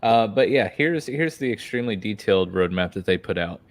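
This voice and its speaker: A man hosting a casual podcast chat, a bit hoarse from losing his voice, talking loosely with many fillers and restarts. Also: lowish voice, lively intonation, fairly quick, a loud crowd. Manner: rambling, frequent fillers and restarts. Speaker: podcast host.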